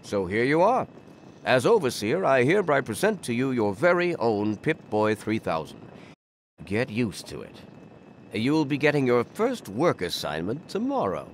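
A stern middle-aged overseer in a video game, speaking in a formal, official manner with a lively pitch that swings up and down. Faint background noise sits under him. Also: male voice, moderate pace. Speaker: authority figure.

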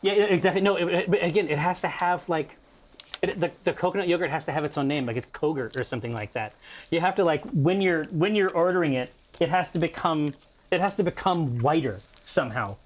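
A man's voice: a little high, brisk, a little hiss or hum. A man chatting casually while painting miniatures, wordy and dry, searching for exact terms.

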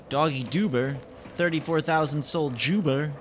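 A man giving excitable, joking commentary while playing a game, yelling at enemies. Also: a little high, measured pace, gravelly, background noise. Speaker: let's play gamer. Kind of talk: live gameplay commentary. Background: game music.

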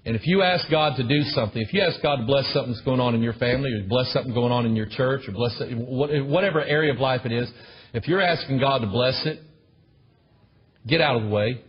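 A husky pastor presses his point during a sermon to a church congregation, speaking fast in a mid-range voice. He is emphatic and repetitive, calling out for amens, captured in a dull lo-fi recording.

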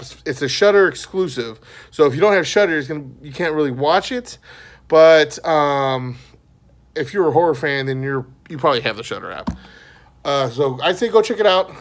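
Male podcast host, slightly high voice, casual and meandering review monologue. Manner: rambling and conversational.

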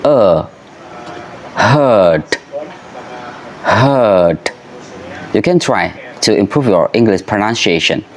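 A man giving an English pronunciation lesson, talking slowly and carefully and drawing out the vowel sounds for practice. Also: on the low side, lively intonation. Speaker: pronunciation teacher.

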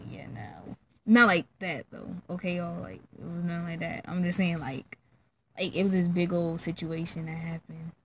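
A woman's voice: fairly low pitch, darkish tone, slight background noise, rough recording. A woman vlogger telling a story in a casual, slangy, chatty way, full of fillers, straight to her viewers.

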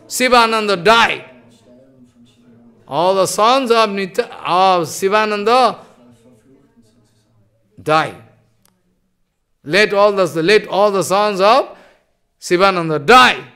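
A preacher voicing a furious hungry saint. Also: male voice, extremely high pitch, normal speed. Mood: angry shouting. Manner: shouting angry demands and curses.

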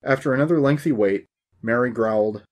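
A man's voice: medium pitch, brisk, darkish tone. A man in his forties hosting a story podcast, reading the narration in a dry, wry manner.

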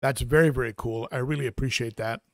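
A man's voice: medium pitch, steady tone, fast talker, no room sound, studio quality. A man hosting a live stream, chatting casually and reading out viewer comments, with lots of fillers and restarts. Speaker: aquarium channel host.

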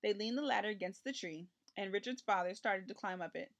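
A woman reading a children's picture book aloud in an expressive storytelling manner. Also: mid-range voice, fairly quick, highs cut off.

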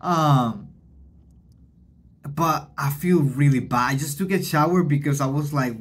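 A reaction host in casual vlog talk, feeling sick but gushing and excitable, whooping and shouting at times, in a bedroom. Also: medium pitch, measured pace, pauses often, slightly rough. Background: faint music from the video being reacted to.

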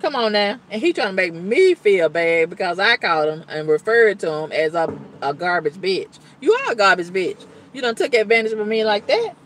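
A woman talks straight to the camera and vents in a long monologue. Her pitch swings widely as she stresses her points. She sounds blunt, exasperated and colloquial, and she repeats her exclamations for effect. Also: big pitch swings, moderate pace, few pauses, fairly bright tone, slight background noise. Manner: colloquial, blunt talk with cussing. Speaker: vlogger.

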